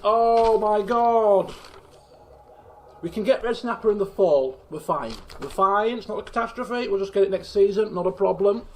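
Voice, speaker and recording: A man's voice: sits high, a little fast, few pauses, a little mellow, a little hiss or hum. A man commentating a game live on stream, exasperated and self-mocking, laughing often at his own mistakes. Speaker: gaming streamer.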